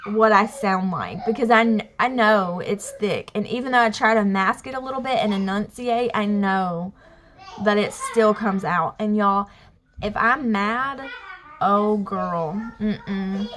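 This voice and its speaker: A woman's voice: mid-range voice, a bit bright, slight background noise. A young woman with a Southern Alabama accent, chatting casually to her vlog camera at home with lots of fillers. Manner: chatty, rambling, says y'all and like a lot. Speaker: family vlogger. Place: home, near kids in the bath.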